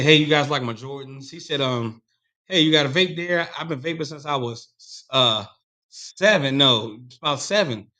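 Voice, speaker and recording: A man's voice: on the high side, pushed and bright. A man on a podcast telling a rambling, profane story in casual chat.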